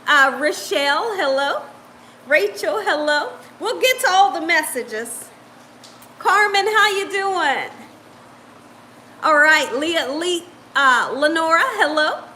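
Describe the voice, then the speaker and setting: Slow and expressive, with long pauses, a woman speaks in a high, pushed, bright voice against slight background noise. She hosts a live cooking stream, chatting cheerfully with viewers, greeting them by name and laughing often.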